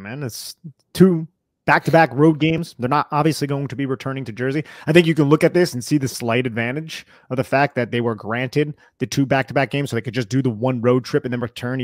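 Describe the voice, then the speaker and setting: A man's voice: mid-range voice, no room sound, studio quality. A man co-hosting a football podcast, breaking down the schedule in a casual, conversational way with some slang. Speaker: podcast co-host. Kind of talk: sports analysis chat.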